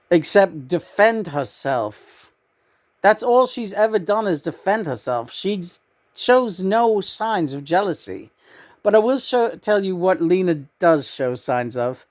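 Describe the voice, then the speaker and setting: Brief: preachy departed male spirit, voiced by a woman in her own low voice, lecturing, soothing. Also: darkish tone. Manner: lecturing, addresses the audience as folks.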